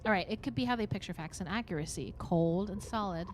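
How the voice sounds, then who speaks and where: A woman's voice: medium pitch, fast, a little hiss or hum. A young woman streaming a narrative game, reading its text aloud and reacting with frequent giggles.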